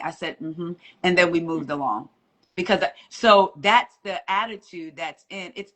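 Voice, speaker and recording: A woman telling a story on a live stream as a guest courtroom reporter, animated and acting out the voices of the people she quotes. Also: lowish voice, normal speed.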